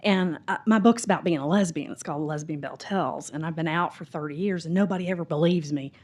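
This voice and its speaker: A woman's voice: deep voice, fast. A middle-aged woman from the US South with a Southern drawl, telling a rambling personal story as an audience member at a bookstore talk. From Mississippi and Tennessee, US South. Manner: chatty, rambling, animated storyteller acting out quotes. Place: bookstore event room.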